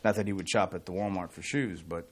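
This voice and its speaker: A middle-aged man with a low voice talks fast as he co-hosts a casual radio talk show. He tells long, winding stories and becomes animated when excitement takes hold.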